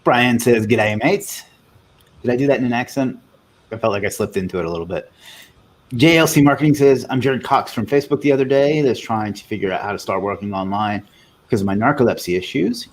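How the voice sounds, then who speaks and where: A man's voice: mid-range voice, slight background noise. A man hosting a casual live Q&A, reading viewer comments aloud in a loose, chatty way. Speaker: livestream host.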